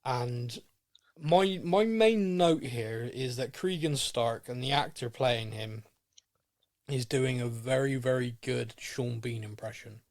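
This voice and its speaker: A man's voice: medium pitch, takes it slowly, darkish tone. A man co-hosting a podcast, chatting in a casual, rambling and enthusiastic way. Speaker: podcast co-host. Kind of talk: casual chat.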